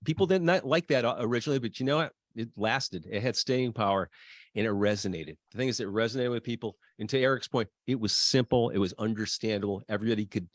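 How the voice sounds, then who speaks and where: A man appearing as a guest on a business podcast, telling stories with pride and enthusiasm and quick bursts of speech. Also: fairly low pitch, dry recording, studio quality.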